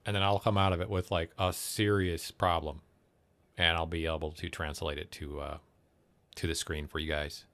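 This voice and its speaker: A man's voice: little pitch movement, moderate pace, fairly bright tone. A young man chatting casually on a livestream, crude and rambling, mocking himself. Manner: crude, rambling, self-mocking, low-key. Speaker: streamer.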